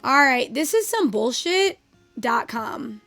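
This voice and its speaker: High-voiced woman streamer, chatty and cussing. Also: big pitch swings, slow, creaky, bright, forceful tone. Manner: chatty, swears at the game, talks to viewers. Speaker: streamer teaching game photo mode. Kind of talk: casual live-stream chat. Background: faint guitar music.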